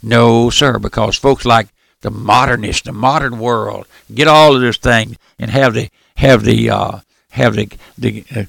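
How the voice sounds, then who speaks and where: Gravelly older preacher. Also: male voice, mid-range voice, no echo. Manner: impassioned, folksy, calls out "my friend", surges loud then drops soft. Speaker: radio preacher. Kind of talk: fervent radio sermon.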